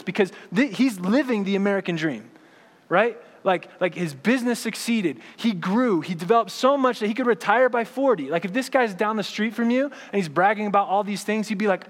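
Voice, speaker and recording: A man's voice: high-pitched, moderate pace, in a large hall. A man preaching a sermon as pastor in a casual, conversational way, often asking "right?" to the congregation.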